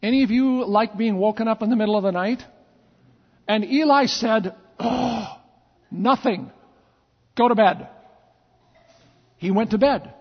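A pastor telling stories in a sermon, with repeated phrases and dramatic pauses. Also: male voice, high-pitched. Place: church sanctuary. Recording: long church reverb, dull lo-fi sound.

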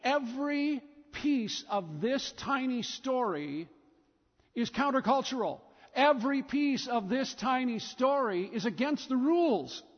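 High-voiced husky male preacher. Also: lively intonation, a little slow. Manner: emphatic storytelling with repetition. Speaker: pastor. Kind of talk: sermon. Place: church sanctuary. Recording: dull recording with long church reverb.

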